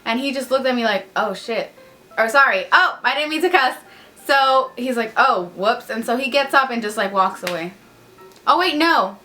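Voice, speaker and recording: A woman's voice: a little high, lively intonation, moderate pace, pushed and bright, soft background music. A young woman telling stories casually to her vlog viewers, chatty with many fillers and acted-out dialogue. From United States. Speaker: vlogger. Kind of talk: casual storytelling.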